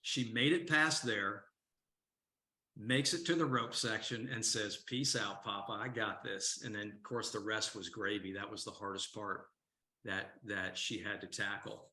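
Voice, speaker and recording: A man's voice: lowish voice, a little slow, sharp tone, reverberant. An older man, a coach, telling a story and asking the audience questions in a motivational talk to a men's group.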